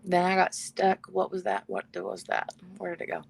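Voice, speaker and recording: A woman's voice: mid-range voice, fairly even intonation, moderate pace, gravelly, hardly any pauses, a bit bright. A woman hosting a casual live stream from her bedroom, chatting and reading viewer comments aloud. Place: bedroom at home.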